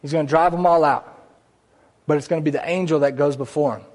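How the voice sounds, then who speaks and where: A man preaches to his congregation in a loose, conversational way. His voice sits a little high, and he breaks off now and then for small jokes and side comments. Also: steady tone, quick pace, a little mellow. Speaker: pastor. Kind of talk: sermon. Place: church sanctuary.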